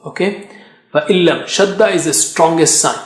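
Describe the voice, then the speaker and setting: A man's voice: on the high side, rapid-fire, echoey room. A man teaching a tajweed lesson in a patient way, drilling syllables again and again with emphasis. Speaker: Quran recitation teacher.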